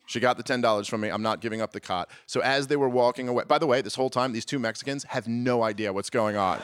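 A man doing stand-up, telling a story in an animated way and pushing his voice high and loud when he acts out his own exasperation. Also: quick pace, hardly any pauses, smooth. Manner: animated, climbs to near-shouting exasperation when acting out arguments. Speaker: stand-up comedian.

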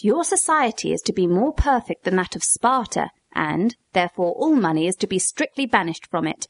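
A woman with a mid-range voice reads a dialogue aloud, expressive and clear, her voice lifting in the questions. The recording is dry and close, with no room sound. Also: mid-range voice, no echo. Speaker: narrator. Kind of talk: read-aloud dialogue narration.

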